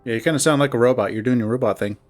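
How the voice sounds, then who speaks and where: A man's voice: mid-range voice, racing, soft background music. A man on an online voice call, chatting casually, rambling with laughs and swearing. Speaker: co-host playing a visual novel. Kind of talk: casual chat.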